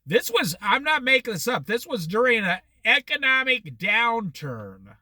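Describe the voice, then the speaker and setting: A man's voice: extremely high pitch, big pitch swings, a little slow, pushed and bright, dry recording. A middle-aged American man telling rambling personal stories in a casual monologue. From United States. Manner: rambling, anecdotal, with restarts and quoted dialogue.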